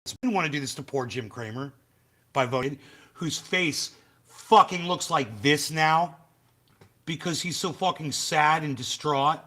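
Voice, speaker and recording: A man's voice: on the high side, unhurried, sharp tone. A man hosting a livestream, ranting bluntly and profanely and chatting with his viewers. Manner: chats with viewers in the live chat. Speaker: livestream host. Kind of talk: casual livestream rant.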